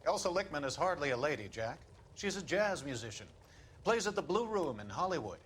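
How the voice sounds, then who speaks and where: An actor playing a condescending middle-aged corporate boss with a clipped transatlantic drawl. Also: male voice, on the high side, very animated, fairly quick, fairly bright tone, slight background noise. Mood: smug. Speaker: insurance company boss.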